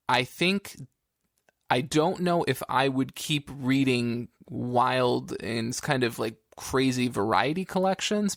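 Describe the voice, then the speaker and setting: Gravelly-voiced casual male podcast host. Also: medium pitch, fairly bright tone, no room sound, studio quality. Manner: chatty, laughing often, many "like" fillers.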